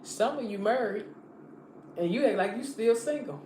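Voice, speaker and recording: Her voice sits a little high with a dark tone and moves at a moderate pace as she streams a motivational sermon. The woman, an online preacher, keeps returning to the same points with fervor and speaks directly to those watching. The recording has a roomy echo plus faint hiss in the background.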